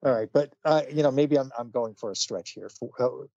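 A man's voice: medium pitch, a little fast, warm tone, no room sound, dull audio. A man casually retelling a comic book story on a podcast, chatty, with many fillers and frequent laughs. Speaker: podcast co-host.

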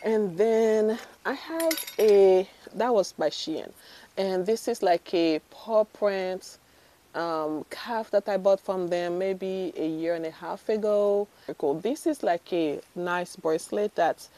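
With a warm, mid-range voice, a woman takes her time chatting through a bangle try-on haul for her fashion vlog. Her gushing talk is packed with fillers, restarts, and self-corrections.

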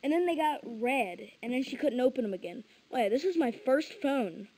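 A woman's voice: high-pitched, animated, moderate pace, warm tone, rough recording. A woman chatting casually in a vlog, rambling and stammering over repeated words. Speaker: vlogger.

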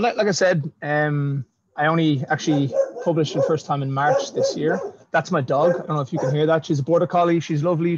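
A man's voice: on the high side, noisy background. A man who writes fantasy novels, chatting in a casual video-call interview, self-deprecating and laughing often. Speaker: self-published fantasy author, guest. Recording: dull lo-fi video call audio.

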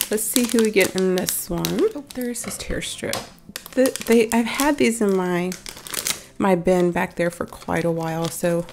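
A woman's voice: mid-range voice, creaky, mellow. A woman hosting a toy unboxing video, chatting casually to her viewers while she strings beads, her voice a bit off from being sick. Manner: talks straight to viewers, chatty, self-correcting, little laughs. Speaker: toy unboxing channel host.

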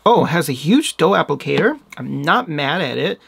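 A woman's voice: deep voice, sing-song, moderate pace, gravelly, slightly rough. A woman vlogger chatting casually and giggling while she unboxes beauty products, talking straight to her viewers.

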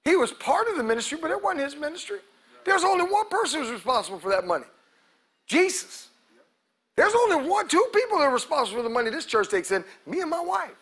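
A male pastor preaching a sermon to his congregation, calling out to them and acting out quotes, breaking into loud shouts at the peaks. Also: very high-pitched, very animated, quick pace. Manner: preaching with call-outs to the congregation, acts out quotes. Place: church sanctuary.

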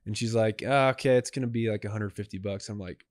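A young man co-hosting a podcast, telling a story in a casual, animated way and acting out what people said. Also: fairly low pitch, fast, no room sound, studio quality. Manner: animated, acts out dialogue. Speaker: podcast co-host.

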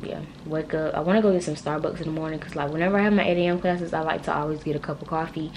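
Young woman, deep-set speaking voice, chatty rambling college vlogger. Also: steady tone, very fast, a little mellow, a little hiss or hum. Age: young adult. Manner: rambling and chatty, talks straight to viewers. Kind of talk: casual vlog chat. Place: her room at home at night.

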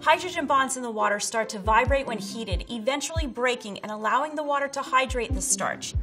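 A woman food scientist giving a clear, scripted explanation of cooking chemistry. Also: fairly high pitch, brisk. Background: background music.

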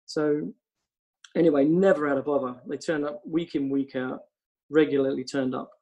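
A man's voice: on the high side, fairly even intonation, normal speed, warm tone, dull audio. A man, a football coach, telling long casual stories on a podcast, rambling with lots of ums. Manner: rambling anecdotes with frequent ums.

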